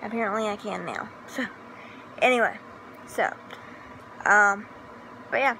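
A woman's voice: medium pitch, unhurried, pushed and bright, slight background noise, rough recording. A woman vlogging in a casual, rambling way, often correcting herself and giggling. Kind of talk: casual vlog chat.

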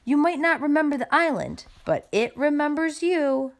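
A woman's voice: sits high, animated, normal speed, voice pushed up. A woman reading aloud, voicing a mother who tells her daughter vividly about a storm. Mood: emphatic. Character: a young mother, warm and dramatic.

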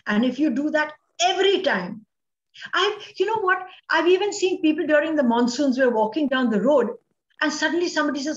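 A woman's voice: sits high, lively intonation, brisk, echoey room, lo-fi sound. A woman with an Indian English accent giving a motivational talk as a guest speaker, speaking emphatically and dramatically and dropping in Hindi phrases.

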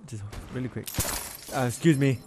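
A man's voice: medium pitch, normal speed, over music. A man giving casual gameplay commentary, playfully taunting and trash-talking his opponents. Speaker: gaming channel host. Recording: loud game gunfire behind voice.

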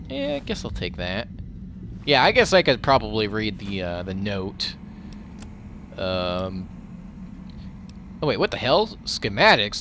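A man giving let's play commentary over his gameplay. He reacts loudly and profanely, talks back at the enemies and mutters while he loots. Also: on the low side, slight background noise. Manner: excitable, profane, talks to the game as he plays. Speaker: gaming commentator.

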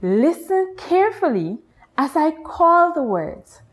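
Slow, sing-song Guyanese woman teaching. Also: high voice, very animated. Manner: patient, sing-song, drawn-out teacher talk with exaggerated rises. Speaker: nursery teacher. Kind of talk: slow, deliberate children's lesson.

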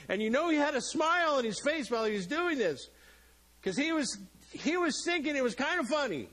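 Lively, joking middle-aged male pastor. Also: extremely high pitch, a little fast, poor audio. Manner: lively, joking, acts out the people in the story. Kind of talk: sermon. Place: church sanctuary.

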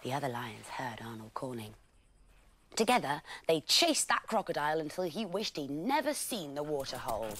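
A woman presenting a bedtime story for children, reading it aloud gently and expressively. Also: sits low, big pitch swings, normal speed, a little hiss or hum.

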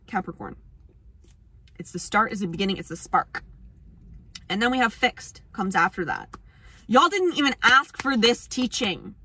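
A woman's voice: medium pitch, sharp tone, slightly rough. A young woman casually explaining astrology to camera, rambling, laughing often, swearing freely and poking fun at herself. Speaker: astrology vlogger.

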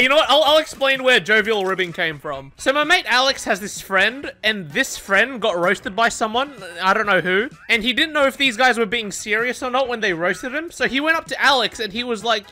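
A man commentating his own gameplay in a loose, joking way, laughing often and teasing players with slang. His voice is bright and swings widely in pitch, with faint music under him. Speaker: gaming YouTuber.

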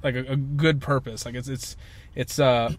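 A man's voice: medium pitch, steady tone, moderate pace, dry recording. A young man co-hosting a casual podcast, ranting emphatically and swearing a lot. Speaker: podcast co-host. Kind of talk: casual chat.

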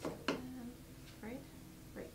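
A woman's voice: slow, far from the mic, a little hiss or hum, poor audio. A woman hosting a live jewelry sale, chatty and upbeat as she reads out lot numbers and prices, her voice getting worn. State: losing her voice.

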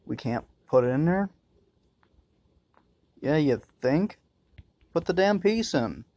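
A man's voice: a little high, animated, slow pace, a little mellow, dry recording, dull audio. A man doing crude, joking commentary while playing a horror game, muttering and swearing to himself. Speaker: let's-play gamer.

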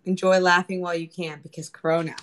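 A woman's voice: lowish voice, little pitch movement, fast, a little hiss or hum. A young woman hosting a casual livestream, chatting and teasing her viewers in a joking way, slipping into Spanish slang. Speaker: livestream host.

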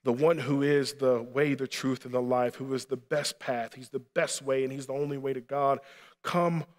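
A man's voice: mid-range voice, steady tone, moderate pace. Man preaching in a reverberant hall. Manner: earnest preaching, rising to impassioned appeals. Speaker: pastor. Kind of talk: sermon. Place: church sanctuary.

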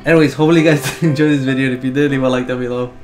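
A young man giving excited gameplay commentary as a video host, chattering nervously and shouting when he wins. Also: mid-range voice, racing, soft background music.

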